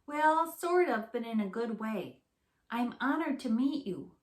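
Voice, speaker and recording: A woman voicing a friendly, chatty female skunk with an eager, squeaky way of talking. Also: expressive, a little slow. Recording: roomy echo.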